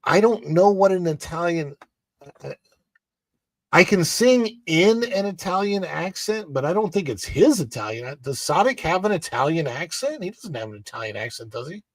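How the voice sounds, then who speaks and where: A man's voice: fairly high pitch, very animated, moderate pace, dry recording. Rambling man on a dry studio mic. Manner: rambling, with many fillers and restarts. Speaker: podcast co-host. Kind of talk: casual chat and reading news.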